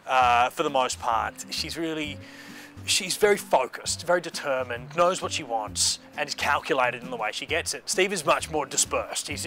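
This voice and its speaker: Chatty self-mocking actor, bright voice. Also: male voice, medium pitch. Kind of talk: behind-the-scenes interview. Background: background music.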